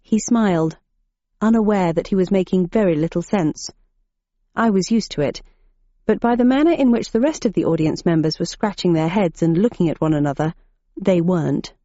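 A woman reading a novel aloud as a narrator, in a dry, measured manner. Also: lowish voice, warm tone, no echo. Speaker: audiobook narrator. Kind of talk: scripted narration. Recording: dull muffled audiobook recording.

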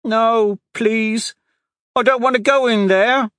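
A man voicing a frightened ten-year-old street boy who pleads in a high, tearful voice. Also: unhurried, no room sound, studio quality, natural voice. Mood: pleading.

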